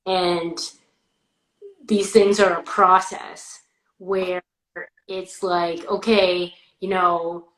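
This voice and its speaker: A woman's voice: fairly low pitch, drawn-out words, long pauses, roomy sound, low-quality recording. A woman in her thirties hosting a podcast, talking candidly and animatedly in casual chat. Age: 30s. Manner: candid, animated, rambling with restarts. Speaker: podcast host.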